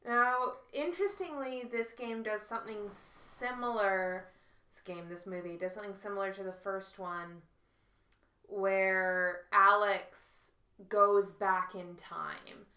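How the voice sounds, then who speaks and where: A woman's voice: mid-range voice, steady tone, slow pace, sharp tone, reverberant. A woman co-hosting a podcast, rambling casually with many fillers as she retells a film. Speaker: podcast co-host. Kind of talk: casual chat.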